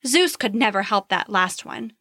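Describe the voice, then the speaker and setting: Bright, expressive woman storyteller. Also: mid-range voice, moderate pace, no echo, studio quality. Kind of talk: scripted storybook narration.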